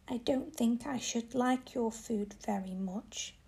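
A woman's voice: on the high side, slow pace, vocal fry, dark tone. A woman whispering as Corinne, a kind little fairy man. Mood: gentle. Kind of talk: whispered role-play.

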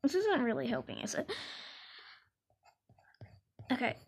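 A woman's voice: high voice, sing-song, measured pace. A woman vlogger giving unscripted advice, rambling and hesitant with lots of fillers and restarts. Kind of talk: unscripted casual advice talk.

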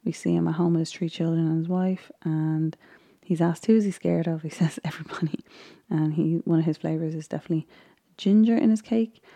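A woman talks in a loose, rambling vlog chat, full of ums and small laughs. Her voice sits a little low and sounds very dark and mellow, with a gravelly fry running through it. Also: fairly even intonation, brisk. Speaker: vlogger recapping a baking show. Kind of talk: casual chat.

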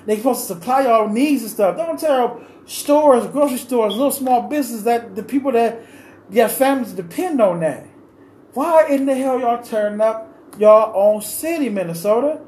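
Man, high voice, impassioned unscripted monologue, pleading, repetitive questioning, echoey room, faint background noise. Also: moderate pace, a little mellow. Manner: pleading, repeats questions insistently; rambling with restarts. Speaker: vlogger giving his opinion. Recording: roomy echo with faint ambient noise.

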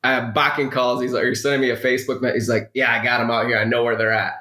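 A man's voice: medium pitch, quick pace. A man telling a long, rambling story in casual conversation as a podcast guest, acting out the people he quotes. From Minnesota. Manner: rambling, animated anecdote with quoted dialogue. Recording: roomy echo.

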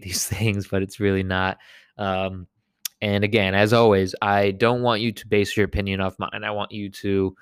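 A man hosting a solo health podcast, speaking close to the mic in a dry, deadened room. His lowish voice is smooth and clear, and he gives emphatic, upbeat advice, often repeating his points. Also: a bit bright, no room sound. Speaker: podcast host and health coach.

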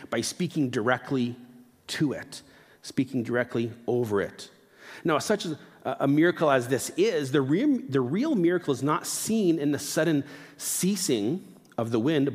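A man preaching a sermon in a relaxed, conversational manner, dropping his voice low and slow to stress key points. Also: breathy edge, long reverb tail. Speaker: pastor.

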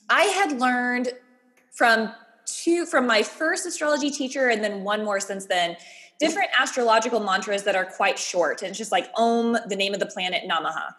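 A woman's voice: fairly high pitch, expressive, normal speed, a bit bright. A woman hosting an interview, backing up her guest and asking loose, rambling questions. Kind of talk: casual interview.

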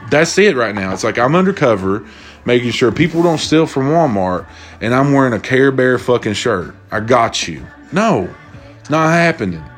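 Faint music sits behind this young adult storyteller as he rants, cursing and exasperated, through an animated retelling of casual stories. His voice is medium-pitched and his pace is normal.

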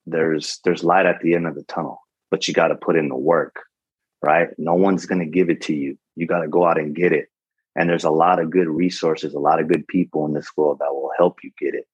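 Husky, deep-voiced retired Navy man. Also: no echo. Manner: earnest, motivational, many fillers and restarts. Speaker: retired Navy chief, podcast guest. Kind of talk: casual interview talk. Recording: dull, muffled podcast audio.

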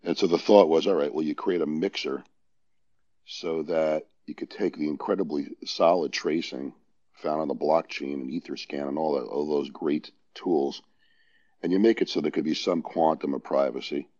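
A man with a New York accent explaining his view as a guest on a casual panel discussion, measured and thinking aloud. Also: extremely low pitch, steady tone, a little mellow. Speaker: guest on a legal podcast. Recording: dull lo-fi audio.

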